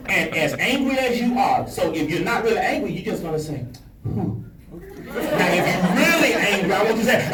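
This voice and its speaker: Man, lively swooping delivery, slightly high voice, preacherly motivational keynote, echoey hall, heard from afar with the crowd around him. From Alabama. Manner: preacherly, playful, calls for audience shouts. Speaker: pastor and life coach giving a keynote. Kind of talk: lively motivational speech to an audience. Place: large banquet hall with an audience. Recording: echoey hall, distant mic, audience noise.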